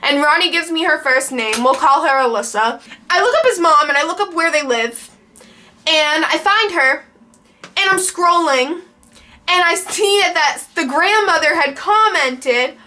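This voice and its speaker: Bright high-voiced young woman. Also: lively intonation, measured pace. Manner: rambling, heavy use of "like". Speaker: vlogger. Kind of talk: casual storytime vlog.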